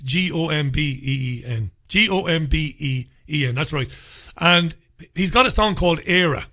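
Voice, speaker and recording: A man's voice: on the high side, animated, moderate pace, bright, forceful tone. A man hosting a radio talk show, chatting casually and rambling with plenty of filler words into a studio microphone.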